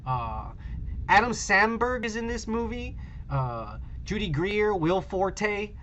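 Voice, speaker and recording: A man co-hosting a podcast in loose, rambling chat. He talks with plenty of swearing and "uh"s. His voice sits a bit high, and the recording sounds dull and lo-fi. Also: very animated, slow pace, sharp tone, a little hiss or hum. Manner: profane, rambling, with many fillers. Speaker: podcast co-host. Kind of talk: casual chat.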